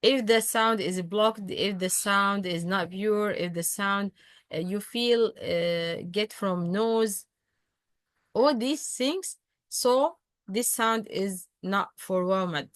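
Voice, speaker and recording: A woman's voice: medium pitch, no echo. Arabic-speaking lady teaching recitation online, patient, lots of uh's, dry close sound. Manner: patient, repeats examples slowly, many hesitations. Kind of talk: online tajweed lesson.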